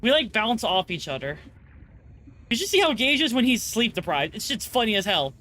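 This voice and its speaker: A woman's voice: a little high, very animated, moderate pace. Young woman streamer cussing and joking thru her game, voice bouncing all over, faint hiss behind. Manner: profane, joking, reacts loudly to game alerts. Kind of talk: casual game-stream chat.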